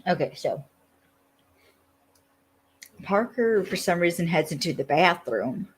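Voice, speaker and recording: A woman's voice: lowish voice, sing-song, slow, husky, low-quality recording. A woman from western Pennsylvania co-hosting a casual podcast, recapping a TV episode in a rambling way, full of "like" and "you know". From western Pennsylvania, USA. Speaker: podcast co-host.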